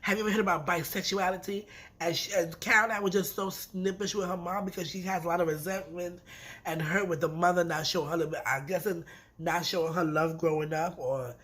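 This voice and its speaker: A woman giving a casual recap of a reality TV episode, talking in an animated, emphatic way and repeating words for effect. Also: lowish voice, fairly quick. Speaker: reality TV reviewer.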